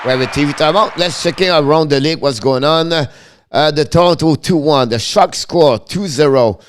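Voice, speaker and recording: French-accented man calling hockey fast. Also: a little high. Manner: rapid running commentary in broken English, names each pass. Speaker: play-by-play commentator and stream host. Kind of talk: live-stream hockey play-by-play.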